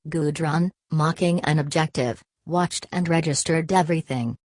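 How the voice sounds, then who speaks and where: A woman narrating an audiobook of a classic novel in a steady, measured reading. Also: low voice, no room sound. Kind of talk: scripted narration.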